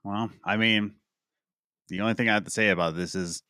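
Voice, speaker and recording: A man's voice: on the low side, steady tone, a little fast, pushed and bright, smooth, no room sound, studio quality. A man co-hosting a podcast, chiming in with short, playful replies in casual chat. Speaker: podcast co-host.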